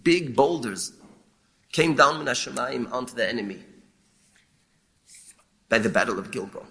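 A man teaching as a rabbi, explaining a lament text in a measured, halting way and often repeating words. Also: mid-range voice, animated, gravelly, a bit bright. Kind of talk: explaining a lament text, mixing Hebrew terms.

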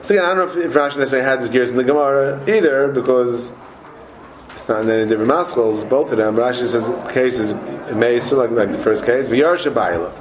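A man giving a Talmud class lecture, animated, repeating words and joking with his students. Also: medium pitch, quick pace, slight background noise. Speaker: Talmud teacher. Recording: roomy echoey room.

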